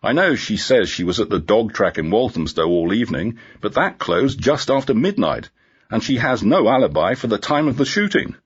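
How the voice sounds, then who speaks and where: A man's voice: fairly low pitch, big pitch swings, normal speed, slightly rough, lo-fi sound, pitched above the performer's own voice. A man voicing an easygoing, joking male police inspector in a storybook reading.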